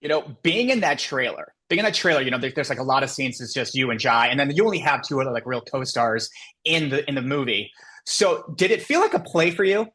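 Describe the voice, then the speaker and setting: A man's voice: medium pitch, lively intonation, quick pace, a bit bright. A man interviewing an actress, asking long, rambling questions full of "like" and "you know".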